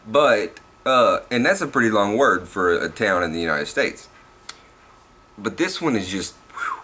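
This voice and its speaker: Young Southern man, bright edgy voice, rambling and cussing in a casual vlog. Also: lowish voice, expressive, measured pace. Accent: Southern US, Tennessee. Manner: rambling and profane, laughs at himself. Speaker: vlogger.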